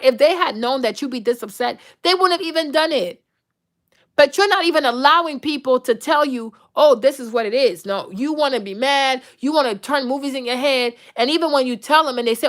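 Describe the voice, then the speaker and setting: A woman's voice: sits high, a bit bright. A woman vlogger in a blunt, profane, unscripted rant, acting out the lines of the people in her stories. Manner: blunt, profane, acts out quoted dialogue.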